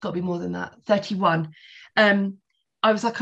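A woman's voice: medium pitch, steady tone, normal speed, creaky, fairly bright tone, highs cut off. A woman in her forties, a podcast guest telling her personal story candidly, swearing freely.

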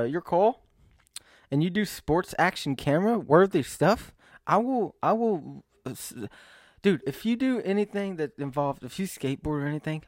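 A man's voice: on the high side, no room sound, clean studio sound. A young man vlogging to camera in a rambling, self-mocking monologue, often breaking into laughs and sighs.

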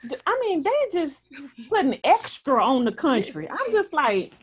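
Co-host: woman, fairly high voice, swings around a lot, expressive storyteller. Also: moderate pace. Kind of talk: casual chat.

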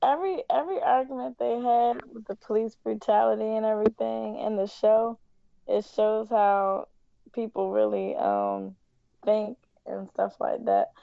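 A woman chatting casually about a TV show, retelling scenes quickly and giggling. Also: mid-range voice, vocal fry, dry recording, narrow, tinny audio.

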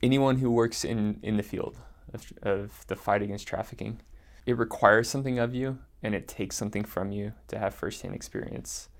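A man interviewing a guest in a measured, thoughtful way. His voice sits low with a gravelly, creaky grain. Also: fairly even intonation. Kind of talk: conversational interview.

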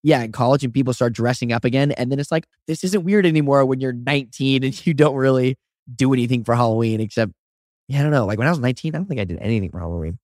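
A man in his twenties co-hosting a podcast in casual chat, telling stories with lively high-voiced impressions of people. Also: quick pace, dry recording, studio quality. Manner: animated storyteller, does high-pitched impressions of others. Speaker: podcast co-host.

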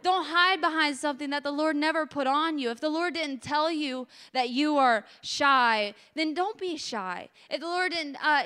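A woman gives an impassioned sermon, her voice high and bright. She builds to emotional peaks as her voice cracks with feeling. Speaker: preacher. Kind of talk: sermon testimony.

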